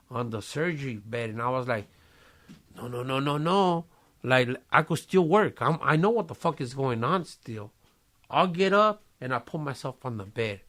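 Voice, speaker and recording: A man casually telling a long personal story in a podcast studio, cursing often and using street slang. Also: mid-range voice. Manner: profane, streetwise slang, lively retelling with quoted voices.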